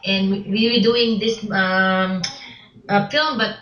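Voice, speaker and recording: A woman who is not a native English speaker, talking in a casual interview about her film work in halting English with many restarts, repeated words and frequent laughs. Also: medium pitch, fairly even intonation, reverberant, muffled recording. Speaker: actress and filmmaker guest.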